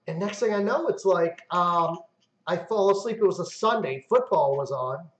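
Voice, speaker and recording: A man hosting a casual live-stream chat, telling excitable stories with swearing and loud self-mimicry. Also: high voice, moderate pace, roomy sound, low-quality recording. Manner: excitable storyteller, swears, mimics himself loudly. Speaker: host.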